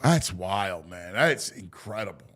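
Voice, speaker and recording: A man's voice: deep voice, animated, unhurried, fairly bright tone. A man hosting a casual sports podcast, reacting with short amazed interjections.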